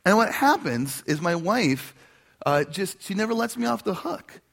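A man preaching a sermon as a pastor, telling a personal story in an animated way and acting out the voices he quotes. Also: sits high, normal speed, creaky.

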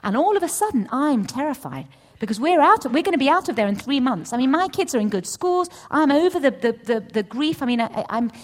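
A middle-aged woman giving a testimony at a church session, storytelling with lively acted-out dialogue. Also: a little fast, few pauses. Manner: animated storytelling, acts out voices with big pitch jumps. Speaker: church speaker. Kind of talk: testimony sermon.

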